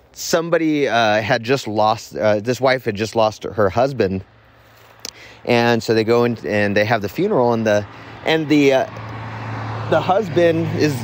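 A man talks casually as a podcast host, rambling through a story with restarts and self-deprecating asides. His voice sits at an ordinary middle pitch. Faint traffic passes in the background outdoors. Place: outdoors near a road. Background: faint passing traffic.

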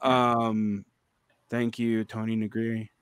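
A man's voice: lowish voice, little pitch movement, slow pace, very noisy. A man in his forties hosting a podcast, chatting casually, rambling and restarting often with many fillers. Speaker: podcast host. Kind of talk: casual conversation.

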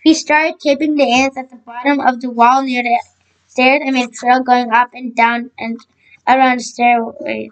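A woman's voice: a little high, little pitch movement, moderate pace, lo-fi sound. A woman reading a children's chapter book aloud, often slipping on words and correcting herself. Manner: frequent slips and self-corrections. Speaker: storybook reader.

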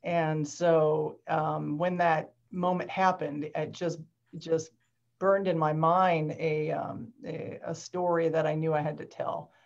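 Woman doctor in her 40s, low-ish voice, muffled lo-fi call audio, thoughtful and halting. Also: little pitch movement, creaky. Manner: hesitant, reflective, with restarts. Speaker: doctor and guest author.

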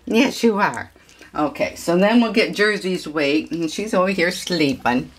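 A woman's voice: lowish voice, moderate pace, breathy edge. A woman dog breeder chatting casually in a home video, rambling and cooing at puppies.

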